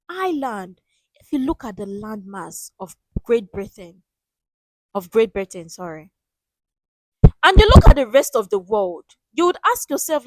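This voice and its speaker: A woman hosts a reaction video in a slow, emphatic, almost preaching manner. She repeats key phrases, and her higher voice rises and falls widely. The sound is dry and close. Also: no echo, poor audio. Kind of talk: reaction commentary.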